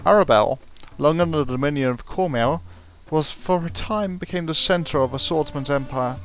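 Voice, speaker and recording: A man's voice: fairly high pitch, normal speed. A man casually commenting on a fantasy role-playing game with dry, wry asides. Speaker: let's play commentator. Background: game music.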